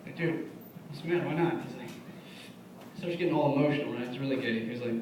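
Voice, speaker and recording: A man's voice: medium pitch, quick pace, background noise. A young man doing a stand-up comedy set, telling stories in a loose, conversational way and acting out his friends' lines. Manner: conversational storytelling, acts out friends' quotes. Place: bar music venue. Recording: echoey, distant room mic. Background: audience laughter.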